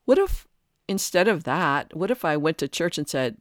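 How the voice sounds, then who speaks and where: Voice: medium pitch, big pitch swings, moderate pace, no room sound, clean studio sound. A podcast host giving an earnest, searching spiritual monologue, often restarting sentences.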